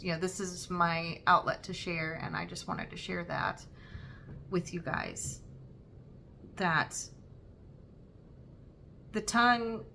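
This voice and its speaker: A young woman hosting a stitching vlog, talking in an earnest, halting and emotional way. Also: fairly low pitch, gravelly, pushed and bright, slight background noise. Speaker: Flosstube host. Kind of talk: heartfelt personal vlog talk.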